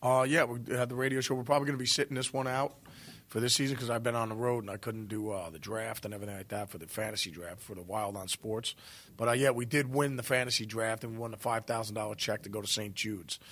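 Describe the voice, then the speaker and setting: The guest musician, a New Jersey man, talks fast in a steady, slightly bright voice on the low side. It's casual interview chat: rambling stories, plenty of swearing, and frequent laughter.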